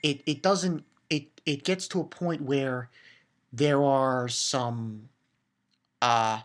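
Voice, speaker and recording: Woman with a low voice, a loose and excitable recap host who swears and restarts her sentences. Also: slow pace. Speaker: anime reviewer. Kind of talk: casual episode recap.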